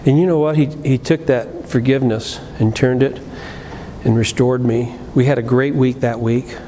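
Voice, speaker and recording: A middle-aged man preaching a sermon, telling a personal story, moving between loud emphatic lines and low quiet asides, with frequent restarts. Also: steady tone, normal speed. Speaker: pastor. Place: church sanctuary. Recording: live church recording with long reverb and faint room noise.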